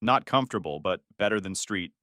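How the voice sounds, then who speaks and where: A man's voice: fairly low pitch, expressive, fairly quick, sharp tone, no room sound, studio quality, voice pushed down. A man voicing a terse, kind-hearted shop owner with a thick Indian accent. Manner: terse, blunt. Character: older male shop owner, gruff and kind.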